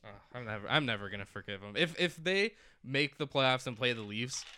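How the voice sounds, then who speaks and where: A man's voice: mid-range voice, expressive, fairly quick, bright, forceful tone, clear, resonant tone. A man co-hosting a sports podcast in a casual chat, reading out lists and laughing often. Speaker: podcast co-host.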